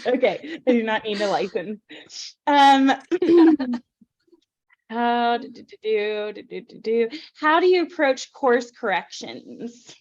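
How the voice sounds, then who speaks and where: A woman hosts a casual podcast in a bubbly, effusive way, full of "like" and "um". Her voice is a touch high, and the sound comes through a little muffled and lo-fi. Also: lively intonation, slow pace, a little mellow. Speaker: podcast host. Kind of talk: casual chat.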